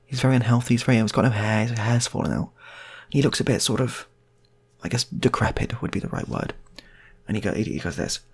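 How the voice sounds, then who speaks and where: A man's voice: mid-range voice, brisk, breathy edge. A man telling an improvised comic story, chatty and full of rambling asides.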